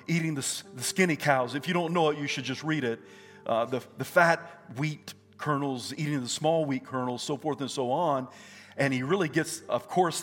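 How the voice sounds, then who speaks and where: A man preaching a sermon with a somewhat high voice. He tells scripture stories in an animated way, dropping to hushed tones and then rising loud.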